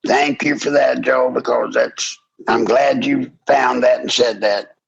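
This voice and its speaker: An older man with a gravelly, husky voice hosts a call-in radio show, slow and deliberate but fiery and preachy, climbing into shouts. The sound is dull and lo-fi. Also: medium pitch, fairly even intonation. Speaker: radio talk show host. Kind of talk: impassioned call-in radio talk. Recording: dull lo-fi broadcast audio.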